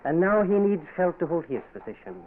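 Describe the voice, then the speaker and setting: Inquisitive professor, lively pitch, tinny broadcast with hiss. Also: male voice, brisk. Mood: skeptical. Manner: questioning, polite, easily startled. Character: skeptical male American professor, curious visitor. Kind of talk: 1940s radio acting. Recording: tinny old radio broadcast with faint hiss.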